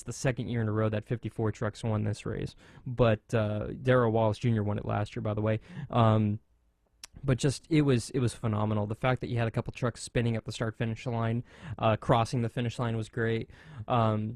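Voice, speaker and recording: A man's voice: medium pitch, dry recording, studio quality. A man hosting a motorsports talk radio show, chatting casually and animatedly with lots of fillers and restarts. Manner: animated, rambling with frequent fillers.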